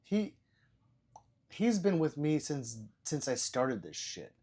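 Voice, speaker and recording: An older man hosting a livestream, reading chat aloud in a profane, rambling way, stammering and repeating words and swinging between loud bursts and low mutters. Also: sing-song, slow, slightly rough. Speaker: livestream host.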